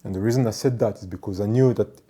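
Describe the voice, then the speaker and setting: A man telling a story from his work as a ship's doctor and department head, in a measured, emphatic way that repeats points for stress. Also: lowish voice, mellow, slightly rough. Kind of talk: storytelling monologue.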